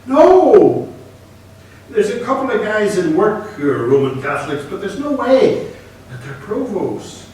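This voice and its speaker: A man voicing an exasperated young man held at gunpoint, speaking in high, incredulous outbursts. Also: big pitch swings, measured pace, a little mellow, slight background noise. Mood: defensive. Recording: echoey hall, from far off.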